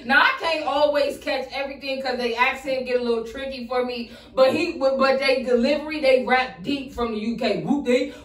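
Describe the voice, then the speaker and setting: A woman host reacting to freestyles, excited and profane and talking straight at her audience. Her voice sits a bit high. It echoes around the room from a mic set back from her. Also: normal speed, few pauses, recorded from a distance. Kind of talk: casual reaction commentary.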